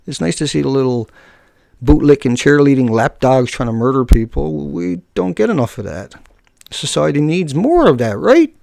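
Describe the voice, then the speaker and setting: A man's voice: on the high side, vocal fry, darkish tone, dry recording, studio quality. A man video-blogging live, combative and scornful toward a commenter, breaking off into joking asides with viewers. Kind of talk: live-streamed rant to viewers.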